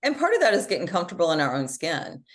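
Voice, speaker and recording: Speaking fast with wildly swooping pitch, this middle-aged woman is a podcast guest in a motivational conversation. She comes across as earnest, emphatic, and encouraging, her voice sweeping up and down.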